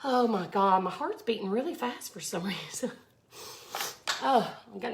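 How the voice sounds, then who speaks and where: A woman's voice: medium pitch, lively intonation, normal speed. A woman from Mississippi with a Southern accent, chatty and effusive, giving a live art tutorial. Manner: chatty, effusive, exclaims often. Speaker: resin art instructor.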